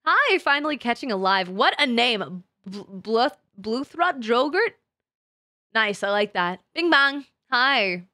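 A woman's voice: on the high side, sing-song, takes it slowly, bright, forceful tone, dry recording, clean studio sound. A woman streamer chatting casually with her live chat, crude and teasing, laughing often.

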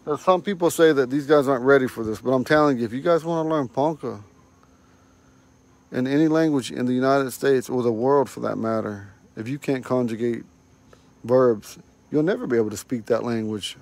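A man teaching a casual online language lesson, recorded on a phone at home, saying each word slowly and repeating it for learners. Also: mid-range voice, darkish tone. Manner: slow, repeats words for learners.

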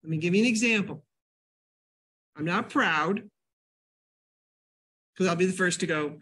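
An older woman from New England giving a casual health talk at a library, a chatty, animated storyteller. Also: lowish voice, unhurried, long pauses, slightly rough. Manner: chatty, animated storyteller with sudden loud jumps and laughs. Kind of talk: casual lecture with personal stories.

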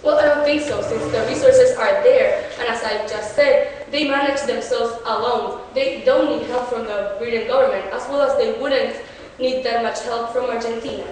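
A woman's voice: fairly high pitch, fairly even intonation, normal speed. A teenage woman from Chile, speaking, gives an earnest, explanatory debate speech full of uh's and restarts. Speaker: student debater. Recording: echoey hall, distant mic, faint hiss.

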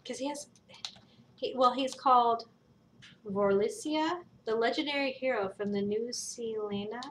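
A woman's voice: a little high, a little slow, a little hiss or hum. A woman chatting casually while unboxing toys, rambling and thinking aloud as she goes. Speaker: co-host of a family toy review channel. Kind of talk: casual toy unboxing chat.

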